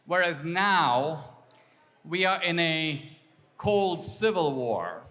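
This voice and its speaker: High bright-voiced man giving a speech. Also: long reverb tail. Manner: animated storytelling, acts out exchanges. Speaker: political speaker. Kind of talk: speech to an audience.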